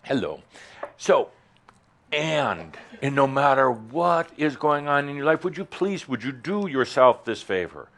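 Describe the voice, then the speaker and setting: A man giving a spiritual talk to a live audience in a hall, playful and provocative, with big sudden leaps in pitch and loudness. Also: very animated, measured pace. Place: warm hall with doors, in front of an audience.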